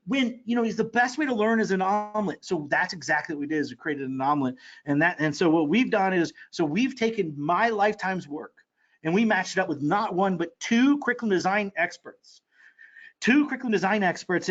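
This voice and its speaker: Male course seller, high-pitched and rapid-fire, excitable sales pitch, dull lo-fi audio. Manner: excitable, fast-talking, with many fillers and restarts. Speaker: online marketing course seller.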